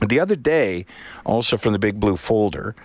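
A middle-aged man hosting an afternoon radio talk show, chatting in a relaxed, rambling way with many pauses. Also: on the low side, no echo. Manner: relaxed, rambling, frequent uhs. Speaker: radio host.

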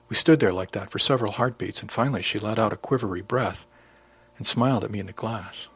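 Low husky male audiobook narrator. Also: fast, a bit bright. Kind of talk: scripted first-person narration.

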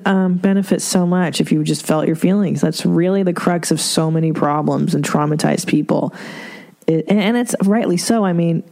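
A woman's voice: fairly low pitch, gravelly, dark tone. A middle-aged woman hosting an advice podcast, talking candidly and profanely with laughs and rhetorical asides. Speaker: podcast host giving advice. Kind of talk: casual advice podcast monologue.

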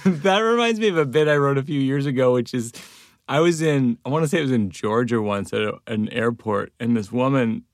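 A man's voice: medium pitch, brisk, dry recording, studio quality. A man hosting a podcast, telling a wry, self-deprecating story. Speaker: podcast host. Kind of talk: casual conversation, storytelling.

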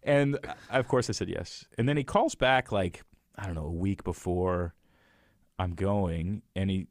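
A man's voice: low-pitched, unhurried, no echo, clean studio sound. A middle-aged man, a guest author, telling stories in casual conversation, acting out quotes and laughing often. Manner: animated storyteller, acts out quotes, laughs often. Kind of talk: casual storytelling chat.

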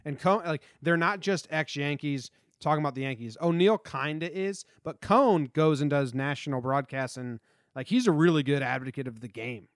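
A man's voice: fairly high pitch, normal speed, dry recording, studio quality. A young man co-hosting a casual sports podcast, chatty and meandering with lots of fillers. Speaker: podcast co-host.

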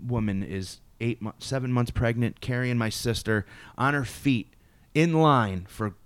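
Middle-aged guy telling a story, loud and animated, swears a lot, dry close sound. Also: medium pitch, measured pace, smooth, dry recording. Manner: animated storytelling, profane, acts out quotes. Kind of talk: casual chat.

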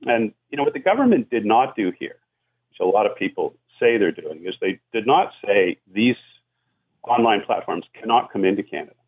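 A man's voice: lowish voice, big pitch swings, moderate pace, husky, narrow, tinny audio. A man explaining media policy as a guest on a radio call-in show, talking at length with many fillers. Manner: explanatory, frequent "you know" fillers.

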